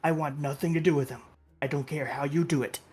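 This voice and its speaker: A man's voice: on the high side, steady tone, quick pace, husky, soft background music. A man doing a furious, threatening brute of a father. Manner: loud, shouting threats.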